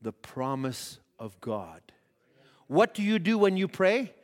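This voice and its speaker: A man's voice: a little high, big pitch swings, takes it slowly, long reverb tail. A man preaching a sermon, reading scripture aloud and building to emphatic, rising appeals. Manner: preaching with rising emphasis, voicing quoted prayers.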